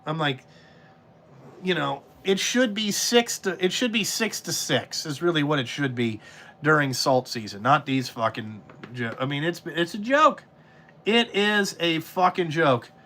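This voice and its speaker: A man's voice: on the high side, animated, measured pace, bright, forceful tone. A middle-aged man, ranting bluntly and profanely in casual podcast talk about his trucking trade. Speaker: podcast host, trucking business owner.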